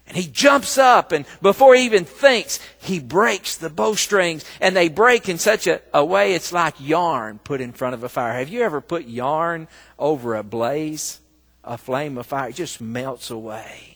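A man preaching a sermon, telling a story slowly and breaking into loud, emphatic bursts. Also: a little high, gravelly. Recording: long reverb of a large hall.

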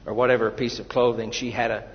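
A man preaching a sermon, moving from quiet storytelling to loud, drawn-out exhortation to the congregation. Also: medium pitch, flat delivery. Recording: dull, lo-fi with long hall reverb.

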